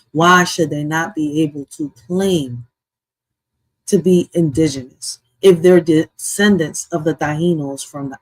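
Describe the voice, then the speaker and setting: A loose, rambling reaction-video host from Puerto Rico who repeats phrases and keeps jumping between loud outbursts and quiet asides. The voice sits in a middle register. It is recorded close and dry, with no room sound. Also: medium pitch, no room sound, rough recording. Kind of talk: casual commentary.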